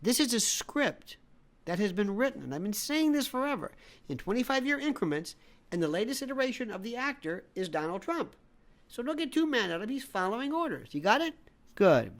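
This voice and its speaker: A man's voice: extremely high pitch, very animated, a little fast. A man delivering a sarcastic, theatrical political commentary rant, rattling off long lists of names.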